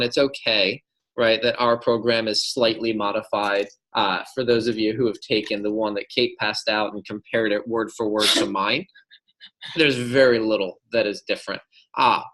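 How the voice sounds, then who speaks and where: A man's voice: mid-range voice, fairly bright tone, rough recording. Casual man leading a sales team meeting. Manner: casual, tags remarks with "right?"; encouraging, upbeat. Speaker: sales district manager. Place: meeting room with a whiteboard.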